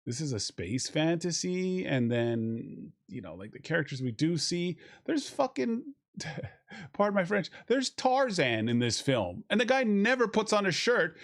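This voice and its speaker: Animated rambling man reviewing a film. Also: on the high side, a little slow. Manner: rambling, animated, swears casually. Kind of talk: casual chat.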